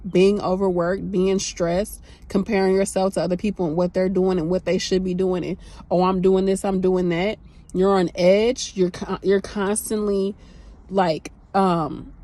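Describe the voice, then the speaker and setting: A woman's voice: mid-range voice, warm tone. A woman in her thirties, a nurse, talking candidly and emotionally to her phone camera in a rambling, casual way. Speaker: nurse vlogger.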